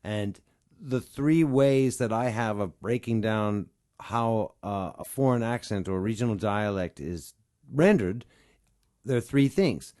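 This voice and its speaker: A man's voice: fairly low pitch, expressive, takes it slowly, darkish tone. A man, a voice actor co-hosting a podcast, explaining his craft in an analytical way during casual chat.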